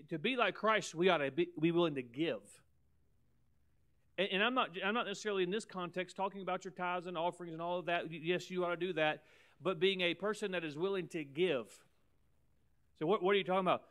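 Emphatic pastor preaching a sermon. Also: male voice, sits high. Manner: emphatic, repeats words, swings loud and soft.

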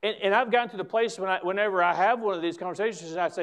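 Male pastor, higher-pitched, fervent preacher with loud emphatic swells and quick asides. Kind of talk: preaching a sermon.

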